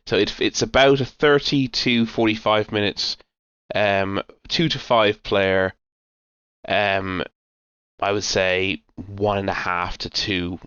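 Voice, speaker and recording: A man's voice: on the low side, fairly bright tone, clean tone, no room sound, lo-fi sound. A man co-hosting a board game podcast, chatting casually and rambling with lots of fillers and restarts. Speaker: podcast co-host. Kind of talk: casual chat.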